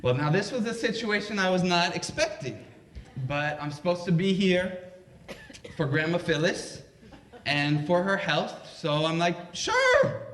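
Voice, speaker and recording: A man with a slightly high voice tells a comic story live, in a slow, conversational way. His speech is loose and full of fillers, and it rings in an echoey library room. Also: fairly bright tone. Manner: conversational, unhurried, lots of fillers.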